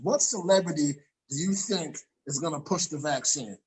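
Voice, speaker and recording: Male host with a high voice, on a video call, ranting in a heated, profane way. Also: normal speed, a little mellow, low-quality recording. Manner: profane, heated, repeats himself, restarts. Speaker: show host. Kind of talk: ranting casual talk show chat.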